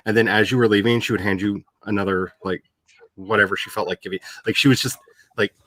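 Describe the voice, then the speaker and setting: A man's voice: on the low side, fast, dry recording. A man hosting a casual writing livestream, telling stories with lots of laughter and turning tender as he reminisces. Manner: animated storytelling, laughs often; turns tender and emotional when reminiscing. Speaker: author and stream host.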